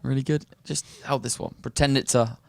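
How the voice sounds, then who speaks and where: A man's voice: medium pitch, fairly even intonation, brisk, creaky, a little mellow, no echo. A man hosting a shipboard morning show, chatting and teasing his co-host. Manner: playful, teasing. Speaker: cruise ship show host. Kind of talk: casual teasing chat.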